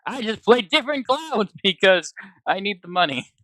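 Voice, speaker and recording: A man's voice: high-pitched, sing-song, moderate pace, pushed and bright, no echo, studio quality, full character voice. A man voicing an upbeat male clown who tells corny riddles in a showy, sing-song way.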